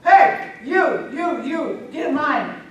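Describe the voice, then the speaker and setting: Woman playing a loud, scolding storybook she-bear, high and shrill, heard from afar in a live room. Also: animated, slow, a little hiss or hum. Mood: bossy. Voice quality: shrill, shrieking. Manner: scolding and indignant. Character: bossy shrill female bear bride. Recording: echoey live room from far off.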